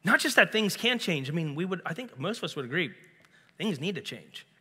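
A man preaching a sermon as pastor, earnest and emphatic, his throat a little clogged so he keeps clearing it. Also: high voice, sing-song, fairly quick, pushed and bright. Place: church sanctuary. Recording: long reverb of a large hall.

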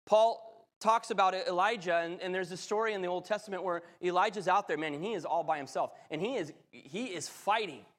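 A man preaching a sermon and reading scripture aloud, telling stories with passion that climbs into loud excitement. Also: sits high, a little fast, hardly any pauses. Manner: impassioned storytelling, rising to loud excitement. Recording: long hall reverb.

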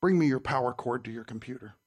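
A man preaching a sermon in church, quizzing his listeners and swinging between loud and soft. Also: mid-range voice, fast. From Southern United States. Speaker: pastor.

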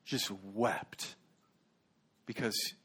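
A man's voice: fairly low pitch, steady tone, drawn-out words, fairly bright tone, slightly rough. Earnest man preaching a sermon. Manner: earnest, with fillers and self-corrections. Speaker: pastor.

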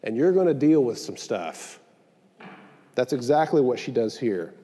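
A man's voice: medium pitch, big pitch swings, a little slow, dark tone, big-room sound. A male pastor delivering a sermon in a conversational style, mixing in joking asides, recorded in a church sanctuary.

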